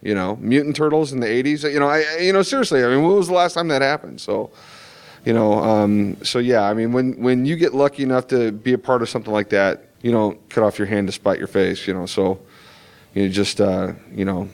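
A man's voice: medium pitch, fairly quick. Rambling, emphatic male comic artist. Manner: rambling, many restarts and "you know" fillers; animated, emphatic asides. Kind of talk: convention interview chat.

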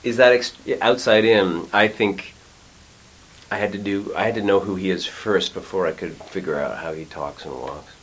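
A middle-aged man, an actor and acting teacher, chatting in an interview, animated and full of restarts as he acts out quotes. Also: low-pitched, normal speed, slightly rough, poor audio. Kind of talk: casual interview conversation. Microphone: studio mic.

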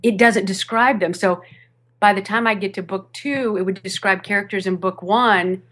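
A woman who narrates audiobooks, chatting animatedly in an interview, with fillers and quick restarts. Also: mid-range voice, fairly even intonation, fairly bright tone. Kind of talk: podcast interview chat. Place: home studio over a video call.

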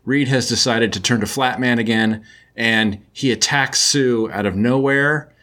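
A man's voice: mid-range voice, measured pace, pushed and bright. A man casually recapping a story in a loose, chatty way, full of filler words. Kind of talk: casual comic book recap.

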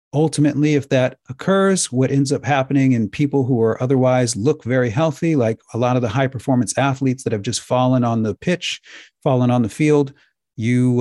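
Guy ranting lecture style, keeps repeating himself, kinda hoarse, dry mic no room. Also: medium pitch, dark tone, no room sound. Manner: emphatic, preachy, repeats himself. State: getting hoarse. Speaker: speaker addressing viewers. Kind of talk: impassioned lecture-style talk.

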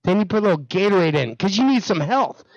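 Brief: male podcast co-host, high animated voice, crude, jumpy storytelling. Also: fast talker, gravelly, dry recording, lo-fi sound. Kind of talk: casual podcast banter.

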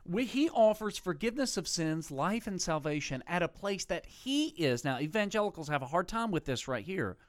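A man's voice: high-pitched, lively intonation, normal speed, hardly any pauses, no echo. A man, a pastor, talking theology in conversation and reading scripture aloud. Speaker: pastor, co-host. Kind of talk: theological discussion.

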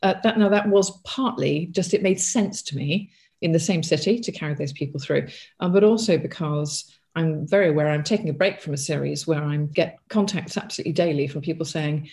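A woman's voice: low-pitched, fairly quick, darkish tone. A middle-aged woman, a crime author, answering interview questions in a thoughtful way with many restarts and asides.

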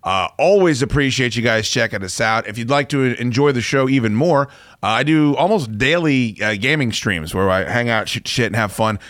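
A man's voice: mid-range voice, animated, moderate pace, fairly bright tone, dry recording, studio quality. A man hosting a sports talk podcast, casually rambling and joking, with lots of fillers and restarts. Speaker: podcast host.

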